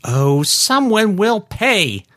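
A man's voice: on the high side, sing-song, a little slow, a bit bright, no echo, studio quality, pitched above the performer's own voice, full character voice. A man voicing an imperious, short-tempered older woman in a storybook reading, speaking in a haughty, demanding manner.

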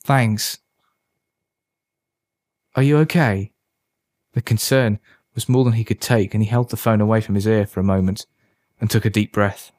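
A man narrating a dark story in a measured, dramatic way. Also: fairly low pitch, fairly even intonation, no echo, studio quality.

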